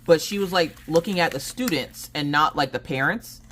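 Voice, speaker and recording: Crafting on camera, a woman who vlogs and streams chats in a low, somewhat bright voice at normal speed, with slight background noise. She's a rambling storyteller who acts out what each person said.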